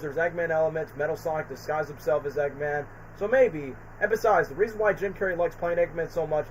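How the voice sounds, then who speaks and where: Excitable young-sounding man rambling about movies. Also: on the high side, a little hiss or hum, poor audio. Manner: excited, rambling fan talk with many fillers. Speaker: streamer. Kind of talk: casual live stream chat.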